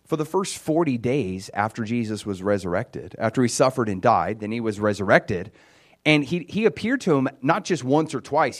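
A man teaching from scripture in a relaxed, talky manner at a middle pitch. He retells the story with lively emphasis, leaning on casual fillers like "like" and "you know." He speaks as a teacher walking listeners through a passage. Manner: conversational, animated retelling with filler words. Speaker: Bible teacher.

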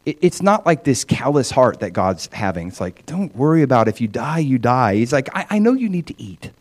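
A middle-aged man preaching a sermon, animated, often acting out voices in quotes. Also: mid-range voice, brisk. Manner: animated, acts out God's voice in quotes. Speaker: pastor.

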